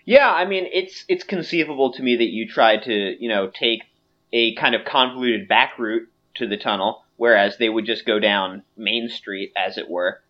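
A man narrating a tabletop game as game master, halting often and laughing between lines. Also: medium pitch, lo-fi sound.

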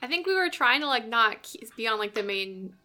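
A woman playing in a tabletop game, talking casually with other players and laughing along. Her voice has a bright, forceful edge. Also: fairly high pitch, animated, brisk.

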